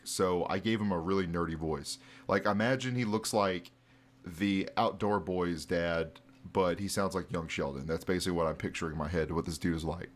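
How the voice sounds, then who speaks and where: A man streaming a late-night reaction video, talking casually and rambling, with many fillers. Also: low voice. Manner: rambling, lots of "like".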